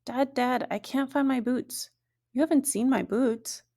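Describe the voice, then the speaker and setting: Woman reading a storybook boy, plaintive, higher and slow, calling to his family. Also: dark tone. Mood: pleading. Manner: plaintive, repeating calls to family. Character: young boy searching for his lost boots.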